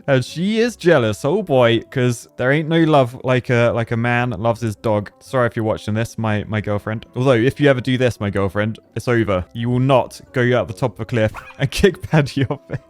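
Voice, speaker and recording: Brief: playful young gamer, chatty commentary, faint music bed. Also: male voice, medium pitch, normal speed. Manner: chatty, laughing, jumps into silly character voices. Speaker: gaming youtuber. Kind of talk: playful let's-play commentary.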